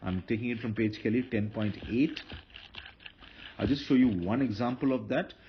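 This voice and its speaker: A man's voice: mid-range voice, normal speed. A man teaching Hebrew grammar in a patient lecture, often repeating himself and correcting slips. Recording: dull lo-fi lecture recording with faint noise.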